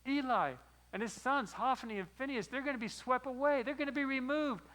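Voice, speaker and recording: A man's voice: very high voice, a little fast, a bit bright, voice pushed up, rough recording. A man voicing God delivering a firm judgment in a plain sermon voice. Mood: stern. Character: God speaking a stern judgment.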